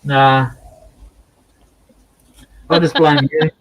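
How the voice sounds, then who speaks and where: A man's voice: fairly high pitch, fairly even intonation, extremely slow, no echo, rough recording. A man with an Australian accent, hosting a woodworking livestream and chatting in a laid-back, joking way. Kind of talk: casual chat.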